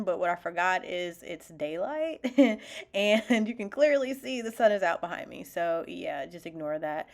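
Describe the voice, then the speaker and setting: A woman's voice: medium pitch, animated, normal speed. A woman talking through a hair tutorial in a casual voice-over, chatty and full of fillers, laughing at herself now and then. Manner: self-deprecating, laughs at herself. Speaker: beauty vlogger.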